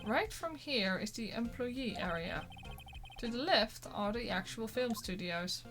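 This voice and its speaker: A woman's voice: a little high, expressive, a little slow, over music. Joking woman streaming a game. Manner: joking, reads game text aloud. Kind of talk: casual let's-play chat.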